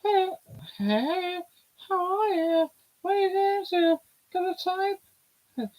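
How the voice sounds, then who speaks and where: A squeaky, flirtatious cartoon-mouse voice. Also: male voice, slow, a little mellow, rough recording. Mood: teasing. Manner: chirpy and teasing.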